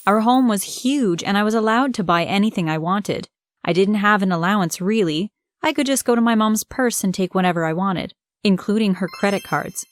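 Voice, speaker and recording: A woman narrating an animated first-person story, in a conversational tone that speaks straight to the viewer. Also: mid-range voice, slight background noise.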